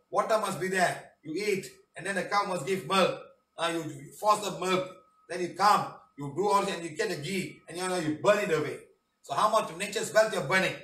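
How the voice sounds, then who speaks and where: Malaysian English male healer, high-pitched, emphatic and preachy, miked from a distance in an echoey room. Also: brisk, pushed and bright. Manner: emphatic, preachy, tag questions. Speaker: spiritual healing teacher. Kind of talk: reading and commenting on testimonials.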